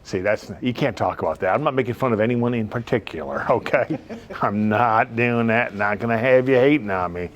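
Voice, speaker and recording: A middle-aged man pitches his own car lot in an off-the-cuff, joke-filled ad. He rambles, chases tangents with asides, then steers himself back to the sales pitch. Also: brisk. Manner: rambling, jokey, drifts off topic with asides. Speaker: car dealership owner.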